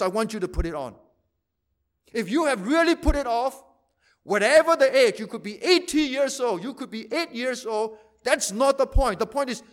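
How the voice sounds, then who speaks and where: A pastor preaching a sermon, repeating phrases for emphasis and swinging from loud to quiet. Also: male voice, very high-pitched.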